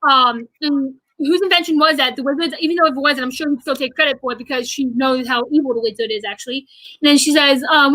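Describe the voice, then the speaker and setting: A young woman with a high, bright voice chats excitedly on a livestream, full of ums and likes. The sound is close and dry. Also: no room sound, rough recording. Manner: quick, excited recounting with many fillers. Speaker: guest, theater fan. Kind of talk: casual livestream chat.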